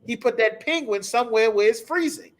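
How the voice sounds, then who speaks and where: A man's voice: very high-pitched, lively intonation, fairly quick. A man teaching a scripture class, ranting in an emphatic, profane, repetitive way. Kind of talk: heated scripture breakdown.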